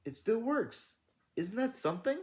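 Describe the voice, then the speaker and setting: A man reading aloud, voicing an excitable older woman neighbor in a children's storybook with a gleeful, squealing delivery. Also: mid-range voice, moderate pace.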